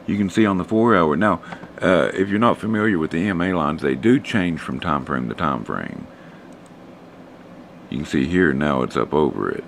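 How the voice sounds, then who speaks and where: A man, hoarse and losing his voice, casually talking through stock charts for a live stream audience. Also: low-pitched, normal speed, a little hiss or hum. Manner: relaxed, rambling, talks to chat viewers.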